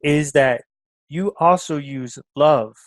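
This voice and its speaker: A man's voice: a little high, slow pace, dry recording. A man hosting a podcast interview, speaking in an enthusiastic, informal way. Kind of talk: casual interview talk.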